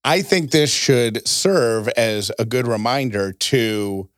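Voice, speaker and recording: A man hosting a casual chat show, telling stories with a voice that jumps high for emphasis. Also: slow pace, dry recording, clean studio sound. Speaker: podcast host.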